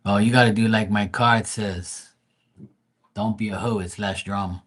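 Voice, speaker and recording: Male tarot streamer, fairly low voice, blunt and foul-mouthed, casual chat with viewers. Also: fairly even intonation, moderate pace. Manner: blunt, profane, greets chat viewers by name. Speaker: livestream tarot reader.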